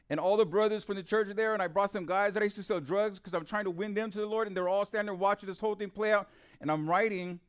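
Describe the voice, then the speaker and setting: A man preaching an impassioned testimony sermon, repeating phrases and swinging between hushed retelling and loud pleading. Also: high-pitched, smooth.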